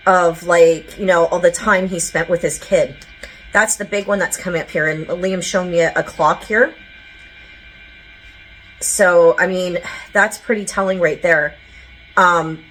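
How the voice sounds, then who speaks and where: Woman, psychic reader host, lowish voice, chatty and digressive, faint music bed. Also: a bit bright, rough recording. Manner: chatty and rambling, many filler words and side notes. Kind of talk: casual spoken psychic reading to viewers.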